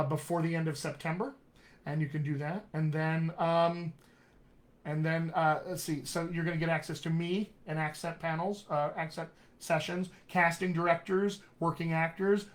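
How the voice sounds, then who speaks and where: A man with a General American accent, a dialect coach giving a chatty, upbeat live-streamed session and spelling out web addresses slowly. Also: fairly high pitch.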